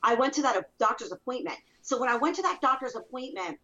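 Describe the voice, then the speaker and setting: A woman's voice: a little high, lively intonation, fast, bright, forceful tone. A woman telling her own story as an interview guest, in an emphatic way that circles back and repeats itself. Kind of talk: personal testimony. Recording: dull lo-fi recording.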